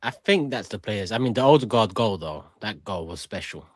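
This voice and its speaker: A man's voice: on the low side, animated, moderate pace, no room sound. A man on a casual football podcast over a remote call, reacting bluntly in slangy terms. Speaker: podcast panelist.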